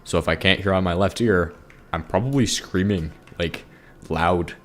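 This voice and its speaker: A man's voice: sits low, normal speed, a bit bright, a little hiss or hum. A sleep-deprived man rambling goofily and mocking himself while commenting on a game. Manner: goofy, rambling, self-mocking. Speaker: Minecraft gaming YouTuber. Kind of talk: rambling casual commentary over gameplay.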